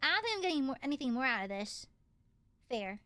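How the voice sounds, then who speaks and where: A woman streaming a game, reading the text aloud in an animated, casual way and swearing now and then. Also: high voice, racing, no room sound.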